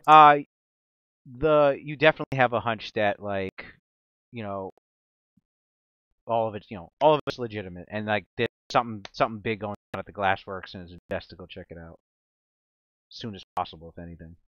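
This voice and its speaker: A man's voice: fairly low pitch, fairly quick, pauses often, no echo, dull audio. A man narrating a tabletop game as game master, laughing and joking with his players. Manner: laughing, animated, joking banter.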